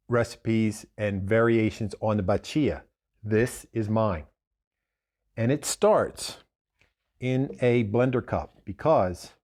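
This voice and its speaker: A man's voice: mid-range voice, darkish tone. Chatty man demonstrating cocktails. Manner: chatty, digressive, self-correcting. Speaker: bartender host.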